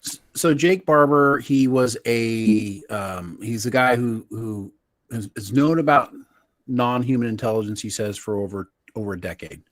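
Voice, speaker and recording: Man, podcast co-host, teasing casual chat, medium pitch, dry close sound. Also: normal speed, no echo. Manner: teasing, explains stories to the audience. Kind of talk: casual live-stream chat.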